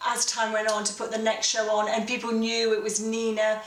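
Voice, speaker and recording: A woman's voice: fairly high pitch, completely flat delivery, fairly quick. Woman host, teasing questions, mic set back, roomy sound. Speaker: interview host. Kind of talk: casual interview. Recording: echoey room, mic at a distance.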